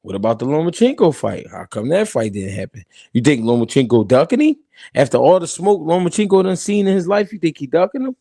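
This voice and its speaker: A man's voice: fairly high pitch, fairly quick, gravelly, dry recording, clean studio sound. A man hosting a live-stream boxing talk show, arguing heatedly and talking to his chat. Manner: heated, animated, talks to chat. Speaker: host.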